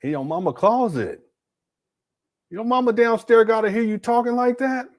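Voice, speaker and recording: A man's voice: very high voice, moderate pace. A man hosting a casual livestream, commenting on clips and scolding the person in them. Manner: casual, scolding, talks back at the clip. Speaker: host reacting to clips.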